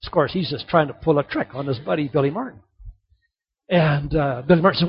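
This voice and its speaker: Delivering his sermon briskly with lively intonation, this pastor weaves in stories and hammers home key lines by repeating them. His voice is high and husky, captured on a dull, lo-fi recording.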